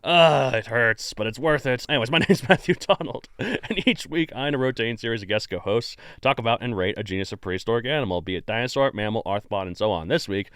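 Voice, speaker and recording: A man's voice: mid-range voice, animated, fast talker, few pauses, fairly bright tone, clean tone, dry recording. A male podcast host talks in a loose, joking way, often poking fun at himself. His voice sits in a middle register but rises and falls freely. The recording is dry and close, with no room around it. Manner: jokey, playful, self-mocking. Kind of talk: casual podcast chat.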